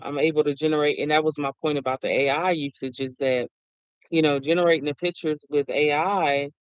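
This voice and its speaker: Rambling middle-aged man, smooth voice. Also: on the high side, no room sound, poor audio. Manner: rambling, laughs often. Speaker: vlogger. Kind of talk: casual rambling monologue.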